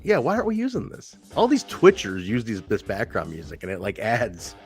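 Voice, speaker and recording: Animated, joking male podcast co-host. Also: on the low side, fairly quick, faint music behind. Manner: animated, jokey, swears casually. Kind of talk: casual chat reviewing wrestling shows.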